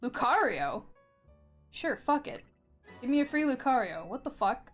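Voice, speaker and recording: This young woman's high-pitched, sing-song voice runs a little slow as she narrates her game stream live. Game music plays behind her while she swears and laughs through tears.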